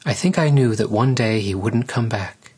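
A man reading a storybook voices a gentle, caring mother lioness who speaks softly and wistfully. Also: lowish voice, normal speed, husky. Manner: soft, coaxing and wistful.

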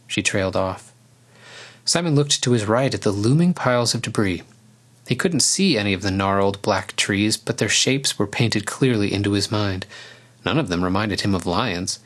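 A man with a fairly low voice reads a story aloud, steady and measured. His narration is calm and even, suited to storybook reading.

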